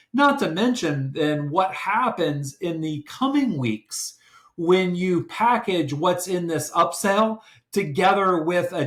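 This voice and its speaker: A man hosting a podcast who explains business strategy in a measured, deliberate way. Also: on the high side. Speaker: podcast host. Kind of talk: casual business discussion. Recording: roomy echo.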